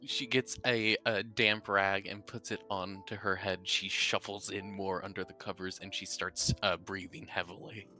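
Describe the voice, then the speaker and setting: A man narrating his character's actions in a live tabletop role-play, with lively, descriptive telling and frequent restarts. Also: sits low, moderate pace, few pauses, soft background music. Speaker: player.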